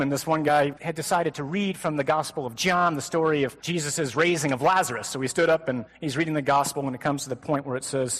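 A priest preaches to a men's conference with humor and energy, sometimes mimicking a flat, droning reader. His voice sits a touch high. A long hall reverb trails behind every phrase. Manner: animated, joking, mimics flat gospel readings. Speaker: Catholic priest. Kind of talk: conference sermon.

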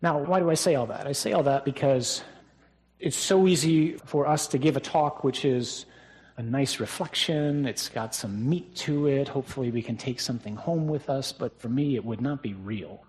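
A man's voice: medium pitch, moderate pace, a little mellow. A man, a priest, giving a funeral homily in a conversational way, often ending points with a tag question.

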